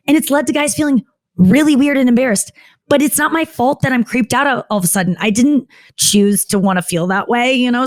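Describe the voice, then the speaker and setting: A woman comedian appearing in a candid podcast interview wanders off on tangents, dropping "like" constantly and stopping herself to begin again. When quoting other people, her pitch shoots up. The audio carries no room sound.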